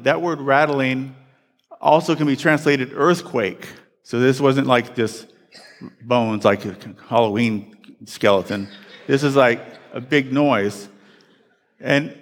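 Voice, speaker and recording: A man preaching a sermon to his congregation in a conversational, animated way, often restarting phrases and putting questions to the room. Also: medium pitch, normal speed. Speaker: pastor. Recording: long hall reverb.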